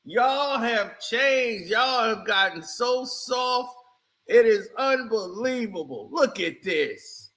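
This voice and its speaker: A man doing casual, animated reaction commentary on a basketball clip, mocking and shouting as he reacts. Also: very high voice, takes it slowly. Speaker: sports commentary streamer.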